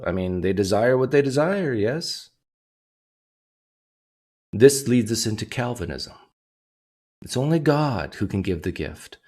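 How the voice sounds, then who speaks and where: A man's voice: mid-range voice, big pitch swings, unhurried, long pauses, a little mellow. A man hosting a livestream, talking casually and reading donation messages aloud. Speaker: livestream host.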